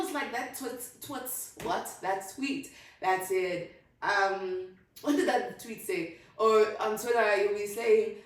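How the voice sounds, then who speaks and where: A woman's voice: mid-range voice, takes it slowly, recorded from a distance. Young South African woman, casual vlog vent, rambling, mixes languages, voice set back from the mic in a very echoey room. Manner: rambling, switches between languages mid-sentence. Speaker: vlogger.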